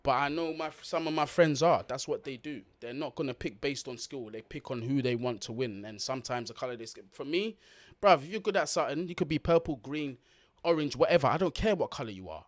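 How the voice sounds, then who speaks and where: A man's voice: medium pitch, lively intonation, a little fast. Blunt slangy man commenting on football. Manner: blunt and slangy, swears freely, talks straight to viewers. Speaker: watch-along host. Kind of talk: casual live football commentary.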